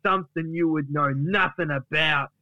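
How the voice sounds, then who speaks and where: A man doing a brash, crude braggart who shouts everything. The voice sits high and strained, with a dull, muffled sound. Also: normal speed, no room sound.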